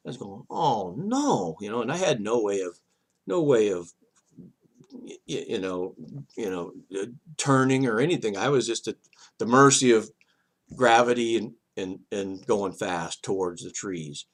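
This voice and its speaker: An older man casually telling a personal story as a vlog host, rambling and animated with halting restarts. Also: on the low side.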